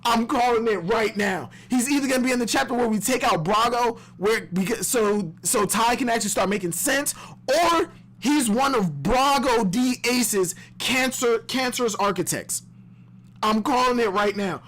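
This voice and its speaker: A man streaming a live comic-chapter reaction, excitable and slangy, breaking into high shouts and laughter and repeating himself. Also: moderate pace.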